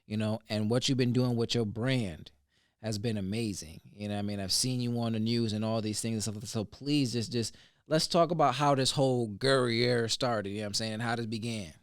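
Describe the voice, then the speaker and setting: Fast-talking male podcast host, dry sound. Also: medium pitch, smooth, no echo. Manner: fast, filler-heavy, keeps asking "you know what I mean". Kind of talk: casual interview chat.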